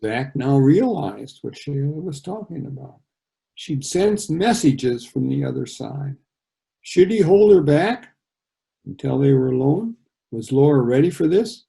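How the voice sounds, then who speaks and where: A male author reads his novel aloud over a video call and talks about it between passages, conversational and animated. His voice is gravelly and dark, and it moves through a wide pitch range. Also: a little slow, rough recording. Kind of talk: reading his novel with commentary.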